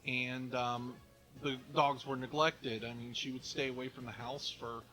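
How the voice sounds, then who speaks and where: A man talks slowly over a video game, stopping often to restart his sentences. His voice is bright and forward. Faint game music plays underneath. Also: mid-range voice, flat delivery, rough recording. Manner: halting, many fillers and restarts. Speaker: let's play co-host. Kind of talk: casual gaming chat.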